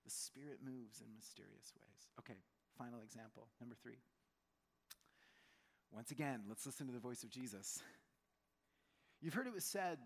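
Animated preacher in a reverberant hall. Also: male voice, mid-range voice, moderate pace, creaky, pauses often, husky. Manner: conversational, animated, acts out quotes. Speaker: pastor. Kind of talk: sermon. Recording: long church hall reverb.

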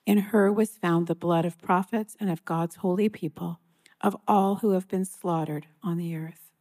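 A woman reading a scripture passage aloud in a church service, measured and solemn, slowing on key lines. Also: lowish voice, fairly even intonation, darkish tone. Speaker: scripture reader.

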